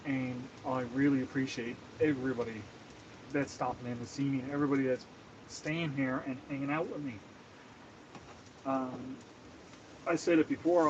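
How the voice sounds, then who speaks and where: A man's voice: medium pitch, muffled recording, noisy background. A man from Canada chatting casually on a live stream while he cooks, laughing often and greeting viewers by name.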